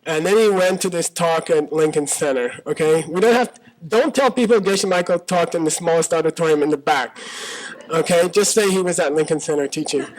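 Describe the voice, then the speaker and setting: A man with a fairly high voice speaks fairly quickly on a rough recording, giving a Buddhist talk to a live audience in a small auditorium. He's conversational, often checking in with "okay?", and argues by voicing debating partners through questions.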